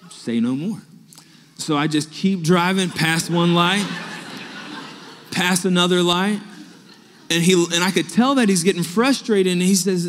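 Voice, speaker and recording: Storytelling pastor in a reverberant hall. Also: male voice, sits high, unhurried. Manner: animated anecdotes with acted-out dialogue. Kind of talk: storytelling sermon. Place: church sanctuary.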